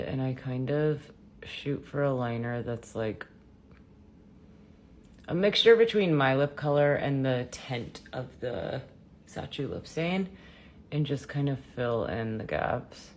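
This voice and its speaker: A woman in her thirties with a raspy voice, chatting casually and softly through a makeup tutorial. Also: extremely low pitch, slight background noise. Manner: chatty and offhand, soft-spoken. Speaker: beauty vlogger.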